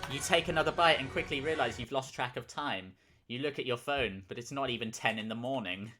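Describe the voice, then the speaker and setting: Guy reading out a silly story, dry and amused, mid pitch, music behind. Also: a little fast, sharp tone. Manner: dry, amused narration that breaks into laughter. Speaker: host. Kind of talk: comedic reading of a generated story. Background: background music.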